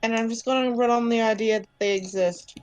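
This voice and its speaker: A woman's voice: a little high, steady tone, a little fast, smooth, close to an everyday voice, low-quality recording. A woman voicing a skeptical, matter-of-fact adventurer who halts and restarts while explaining.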